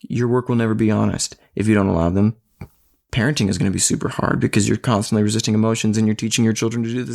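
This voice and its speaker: Podcast co-host, male, low gravelly voice, animated and laughing storyteller. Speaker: filmmaker and parent. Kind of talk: casual conversation.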